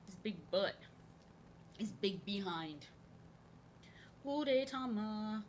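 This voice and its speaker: A live-streaming artist chats casually while drawing, rambling and joking and repeating her phrases. Her voice is on the low side and a bit bright, with slight background noise.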